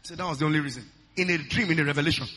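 A man preaching as a pastor, leading loud prayer with fervent, repeated declarations, each phrase often opened with "uh". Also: a little high, very fast. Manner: repeats lines in a rhythmic chant. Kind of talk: sermon and loud congregational prayer.

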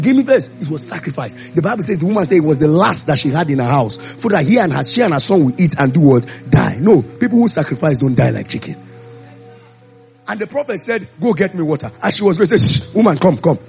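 Gravelly preacher telling stories. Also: male voice, a little high. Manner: animated storytelling, acting out voices. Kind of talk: sermon.

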